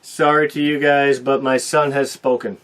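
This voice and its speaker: Man, mid-pitched, co-hosting a casual talk show; animated, tells stories. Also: moderate pace, clear, resonant tone, poor audio. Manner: animated storyteller. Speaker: co-host. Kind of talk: casual chat.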